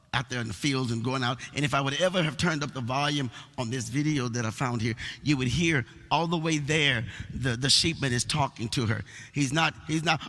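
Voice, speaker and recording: A male pastor preaching a sermon, repeating words as he builds, and rising into rhythmic sung shouts. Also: mid-range voice. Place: church sanctuary. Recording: long reverb of a large church hall.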